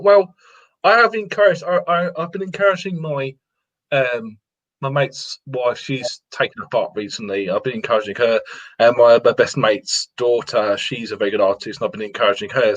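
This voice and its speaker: An English watercolourist appears as a guest in a casual interview, speaking earnestly in a brisk, mid-range voice. He repeats himself to encourage others, and the recording has a lo-fi sound.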